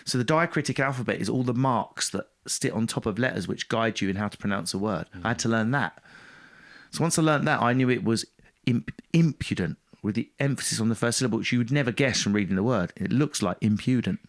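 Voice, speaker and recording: A man's voice: medium pitch, quick pace. A man telling his story as a podcast guest, blunt and self-mocking, swearing freely in casual talk. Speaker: podcast guest, stand-up comedian.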